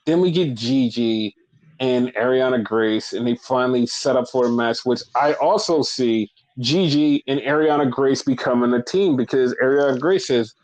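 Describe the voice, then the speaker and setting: A man's voice: medium pitch, moderate pace, a little mellow, highs cut off. Male podcast host, casual, blunt and swearing, rambles on. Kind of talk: casual wrestling recap chat.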